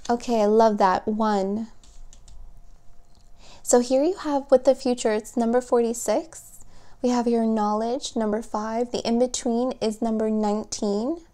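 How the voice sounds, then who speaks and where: A woman giving a spoken tarot reading, gentle and emotional, speaking softly and warmly to her viewers. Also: a little high. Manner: slow, soft, gentle and emotional. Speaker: tarot reader.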